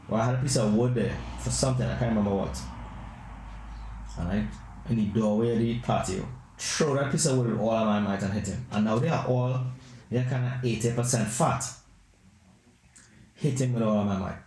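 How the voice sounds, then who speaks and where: A man hosting a podcast who tells rambling, animated comic anecdotes. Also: mid-range voice, normal speed, pauses often, a little hiss or hum. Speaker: podcast host. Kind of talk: comedic storytelling. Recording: roomy echo.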